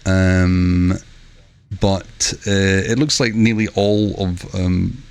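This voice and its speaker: A man giving chatty live commentary while streaming a video game, breaking into excitable exclamations. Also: deep voice, very slow, smooth.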